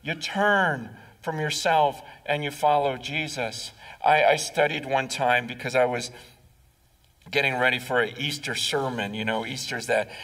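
A man's voice: mid-range voice, measured pace, a bit bright. A male pastor preaching a conversational sermon, repeating words and acting out quotes. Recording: distant mic in a reverberant hall.

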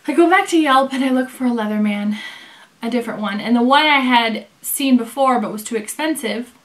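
Chatty woman telling a story in a higher voice. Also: fairly quick. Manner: chatty, animated storytelling with quoted dialogue. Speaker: leather bag reviewer. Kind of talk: casual storytelling review.

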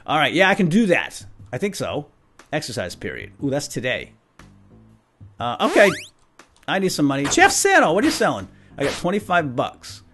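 A man's voice: fairly high pitch, very animated, moderate pace, fairly bright tone. A man hosting a video game let's play, casually commenting and playfully bantering with the characters. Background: game music.

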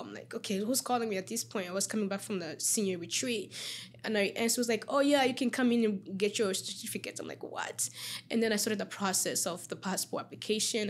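A young woman, a former student, telling an emotional personal story in a casual interview. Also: mid-range voice. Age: young adult. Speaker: alumna guest.

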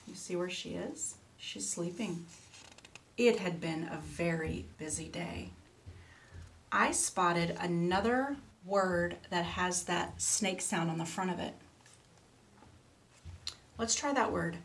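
A woman teaching speech to children, reading a picture book aloud slowly and clearly and pausing so they can repeat words. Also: slight background noise. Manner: animal sounds with big jumps in pitch.

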